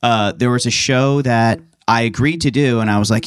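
A man's voice: medium pitch, quick pace. A man on a podcast as a guest, telling stories in casual chat, with lots of restarts. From New York. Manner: chatty, rambling storyteller with many restarts.

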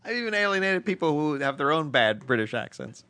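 A man's voice: on the high side, sing-song, fairly quick, sharp tone. A man co-hosting a casual podcast, wry and teasing. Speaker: podcast co-host. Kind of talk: casual banter.

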